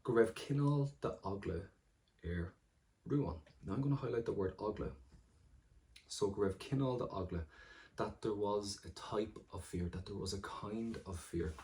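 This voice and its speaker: A man's voice: fairly low pitch, darkish tone, a little hiss or hum. A man with an Irish accent, teaching exam vocabulary and explaining each word in turn in an encouraging way. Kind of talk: exam-prep lesson.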